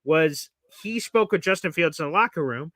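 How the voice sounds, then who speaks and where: A man's voice: on the high side, animated, normal speed, sharp tone, no echo. A man co-hosting a sports podcast, talking casually and animatedly, acting out quotes in a raised voice. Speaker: podcast co-host.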